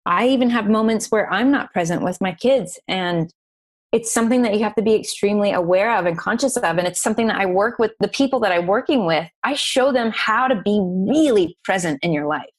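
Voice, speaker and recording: A woman guest on a podcast interview, telling a personal business story in an earnest, emotional, animated way. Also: medium pitch, a little fast.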